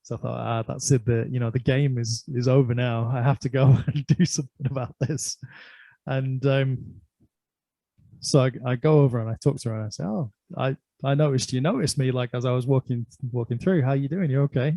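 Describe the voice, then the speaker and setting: A man's voice: medium pitch, fairly even intonation, fairly quick, creaky, mellow, no echo. A middle-aged man telling a long, rambling personal story in casual chat, laughing often and filling gaps with "like" and "um".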